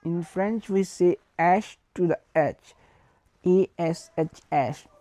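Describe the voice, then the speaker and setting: A woman's voice: on the low side, fairly even intonation, dark tone, no room sound. A woman teaching a beginner language lesson, repeating each word and spelling it out letter by letter. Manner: slow, repeats words and spells them letter by letter.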